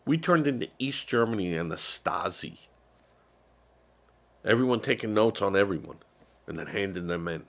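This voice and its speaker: Low, gravelly older man rambling. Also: animated, moderate pace, long pauses, a bit bright. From United States. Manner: rambling, sarcastic, many fillers. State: unwell. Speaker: live stream commentator. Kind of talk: casual political commentary.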